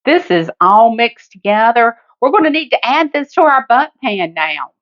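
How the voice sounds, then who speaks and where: Hosting a home cooking demonstration in her kitchen, a Southern US woman talks straight to viewers in a chatty, homey way, calling them "guys" and "honey." Her high-leaning voice is very animated at a normal speed, and the sound is lo-fi.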